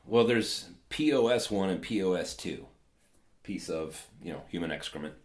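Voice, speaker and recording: A man's voice: deep voice, expressive, normal speed, roomy sound. A man hosting a podcast, giving casual political commentary in a rambling, sarcastic way with lots of fillers. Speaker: podcast host.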